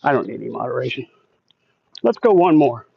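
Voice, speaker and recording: A man's voice: medium pitch, very animated, fairly quick, gravelly, slightly rough, no echo. A man hosting a casual livestream while walking outdoors through a neighborhood, chatting and reading viewer comments aloud. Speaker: livestream host. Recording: dull lo-fi sound, dry.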